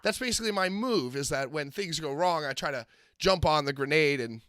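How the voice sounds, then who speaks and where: A man co-hosting a casual podcast chat, telling stories with animated delivery and acting out quotes. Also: fairly high pitch, brisk, smooth, dry recording, clean studio sound. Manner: animated storytelling, acts out quotes. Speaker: podcast co-host.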